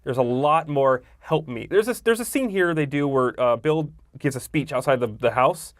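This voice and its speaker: A man's voice: a little high, expressive, normal speed, no echo, clean studio sound. A man co-hosting a casual movie review chat, opinionated and swearing freely, often acting out characters' lines as he talks. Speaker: podcast co-host.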